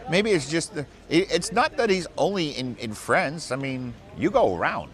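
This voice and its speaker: A man streaming outdoors on a city walk, chatting casually with a guest and telling stories in an animated way, full of repeated words and laughter. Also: fairly high pitch, moderate pace. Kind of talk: casual chat.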